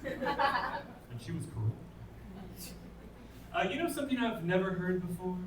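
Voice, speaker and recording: A man's voice: high voice, animated, a little slow, slight background noise. Man doing stand-up. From England. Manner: dry, self-deprecating punchlines. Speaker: stand-up comedian. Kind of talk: stand-up comedy set. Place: comedy club stage. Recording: roomy club sound from a distance. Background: audience laughter.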